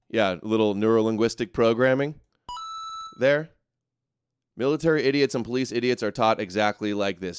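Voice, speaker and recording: A man's voice: lowish voice, smooth, dry recording, studio quality. A man hosting a live commentary show, reacting to clips in a mocking, sarcastic way. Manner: mocking, sarcastic, quick asides. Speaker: show host.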